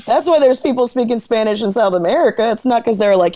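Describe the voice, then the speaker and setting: A woman comedian guest on a podcast, chatting casually and laughing easily, with quick wry comebacks. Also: on the high side, warm tone. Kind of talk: casual chat.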